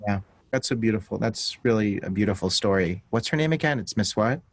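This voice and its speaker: A man's voice: lowish voice, animated, a little fast, dry recording. A man hosting an interview with students, asking questions with frequent restarts. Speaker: host. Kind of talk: interview conversation.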